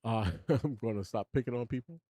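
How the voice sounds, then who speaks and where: A man's voice: mid-range voice, fairly quick, dark tone, no room sound, studio quality. An older man hosting his own live stream, rambling and opinionated, chuckling as he talks to his chat. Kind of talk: casual live-stream monologue.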